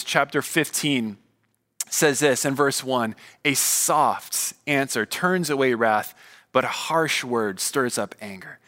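A man in his thirties preaching a sermon as a pastor, earnest and emphatic, with deliberate pauses between key words. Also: medium pitch, fairly bright tone, in a large hall. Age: 30s.

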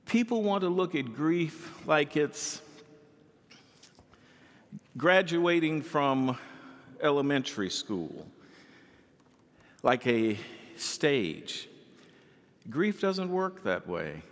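A male pastor preaching a sermon in an animated way, acting out the people he quotes. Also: on the high side, drawn-out words, long pauses, long reverb tail.

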